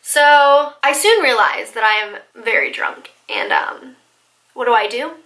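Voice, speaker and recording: High, bright-voiced woman telling a story. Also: normal speed, low-quality recording. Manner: excitable and animated, many likes, laughs often. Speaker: vlogger. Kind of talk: storytime vlog.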